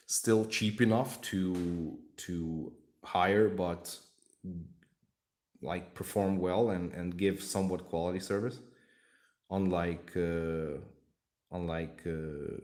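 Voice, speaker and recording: Hungarian man hosting a stream, low voice, outspoken and rambling. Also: darkish tone. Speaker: livestream host. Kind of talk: casual livestream chat.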